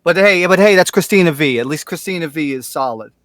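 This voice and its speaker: Excitable man repeating words, dry close sound. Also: a little high, quick pace, no room sound. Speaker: podcast co-host. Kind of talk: casual podcast chat about an anime dub.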